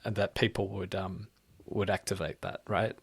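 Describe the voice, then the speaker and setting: A man's voice: sits low, fairly even intonation, moderate pace, slightly rough, dry recording. A man co-hosting a podcast in casual political chat. He rambles and keeps tossing in "like" and "right?". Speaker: podcast co-host.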